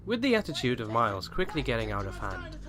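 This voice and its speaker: A man reading a scripted video essay on film technique, formal and even. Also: medium pitch, quick pace, music in the background. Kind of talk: read-out video essay narration.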